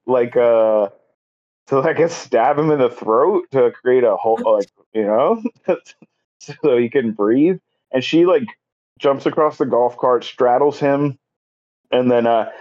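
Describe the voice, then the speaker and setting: A man rambles through a movie recap on a podcast, full of fillers and quick acted-out quotes. His voice sits at a middling pitch. The recording sounds slightly dull and lo-fi. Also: a little mellow. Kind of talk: casual chat.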